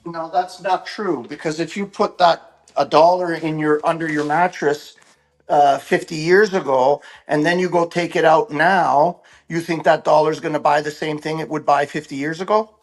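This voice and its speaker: A man's voice: a little high, fairly even intonation, normal speed, low-quality recording. A man in a heated debate who keeps pressing his point and talks over the others.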